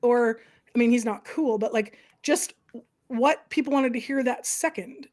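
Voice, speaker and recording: High-voiced, animated woman hosting a livestream. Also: measured pace. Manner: animated, opinionated, many "like" and "right?". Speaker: host, professor and counsellor. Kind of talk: casual livestream chat.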